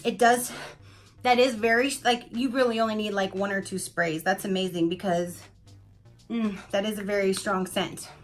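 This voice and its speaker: With soft background music playing, a woman speaks at normal speed in a steady, medium-pitched tone. Her unboxing vlog is a casual product review delivered in a gushing, chatty way straight to viewers, laced with "like"s and "you guys."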